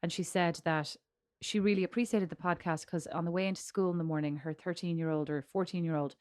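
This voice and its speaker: A woman's voice: lowish voice, fairly even intonation, brisk, a little mellow. A middle-aged Irish woman co-hosting a podcast in casual chat, telling stories with teasing humor and frequent laughter. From Ireland. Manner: teasing, storytelling, laughs often. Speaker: podcast co-host.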